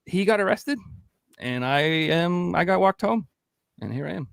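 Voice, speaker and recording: A man's voice: high-pitched, a little slow, vocal fry, a crowd in the background. A man hosting a casual podcast, telling stories with plenty of animation and free swearing. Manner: animated storyteller, swears freely. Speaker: podcast host.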